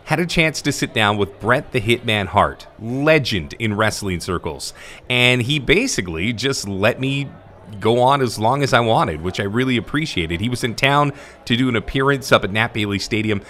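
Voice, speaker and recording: A podcast host looks back on his favourite interviews in enthusiastic, conversational narration. His mid-range voice is animated, pushed and bright, at a moderate pace.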